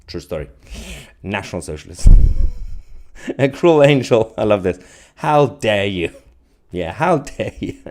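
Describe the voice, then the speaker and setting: Give me a low-pitched man riffing sarcastically through a live chat. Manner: animated, sarcastic, laughs often, restarts. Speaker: host of a live political stream. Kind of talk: live stream commentary reading chat.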